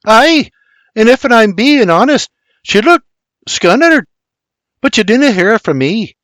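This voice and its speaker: A man's voice: very high-pitched, very animated, slow pace, a bit bright, no echo, clean studio sound, pitched above the performer's own voice, exaggerated voice. A man doing a sarcastic teasing little sister. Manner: bossy, needling, sarcastic.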